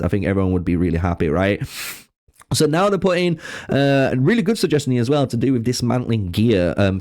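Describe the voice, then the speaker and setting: A man's voice: mid-range voice, darkish tone. Chatty man commenting on game news. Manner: chatty, filler-heavy, addresses viewers as guys. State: has the hiccups. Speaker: gaming YouTuber.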